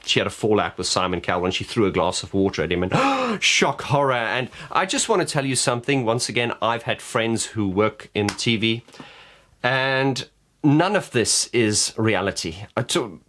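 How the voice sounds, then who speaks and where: A man's voice: lowish voice, moderate pace, a bit bright. A man vlogging to camera, giving frank opinions in a blunt way and often restarting his words. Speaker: vlogger and vocal coach. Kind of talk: casual opinion rant to camera.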